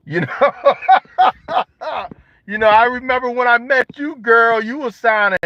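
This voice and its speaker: Animated high-voiced man joking around. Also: slow, no room sound. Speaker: vlogger. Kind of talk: casual monologue to camera. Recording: dull lo-fi sound.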